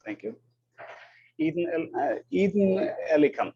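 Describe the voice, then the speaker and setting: With lively intonation at a normal speed, a man with an Austrian German accent speaks in a slightly high, warm, slightly rough voice. As a university lecturer he takes questions and calls the roll, hesitant, apologetic, and repeating words; the classroom recording is dull and lo-fi.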